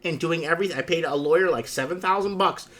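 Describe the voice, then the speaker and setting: Fairly high-voiced rambling male host. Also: fast, a bit bright. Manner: rambling, emphatic storytelling with repeated asides. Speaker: livestream host. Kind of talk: casual chat with a caller.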